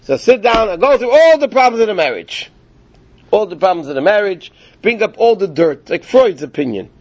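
A man's voice: high-pitched, big pitch swings, normal speed, dry recording, highs cut off. A man teaching an informal Torah class to a small group in the evening. He explains by asking rhetorical questions and often checks in with his listeners.

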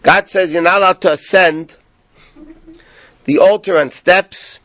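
High-voiced man teaching Torah. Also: unhurried, no room sound, highs cut off. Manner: animated, rhetorical questions. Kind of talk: Torah class, storytelling.

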